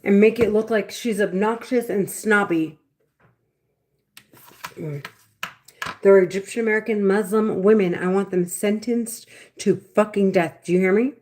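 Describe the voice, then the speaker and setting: A woman speaking in an agitated, repetitive monologue, swinging between fast bursts and low mutters. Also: a little mellow, a little hiss or hum. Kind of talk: casual monologue to camera.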